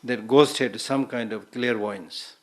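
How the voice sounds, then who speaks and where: A man's voice: mid-range voice, slow. A man giving a Buddhist teaching, telling stories in a conversational way, often repeating words and adding short Hindi asides.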